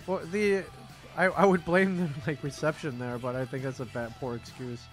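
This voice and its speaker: A man's voice: medium pitch, fairly even intonation, normal speed, over music. A man co-hosting a casual chat podcast from a comic book shop, joking, self-mocking and laughing often. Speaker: podcast co-host.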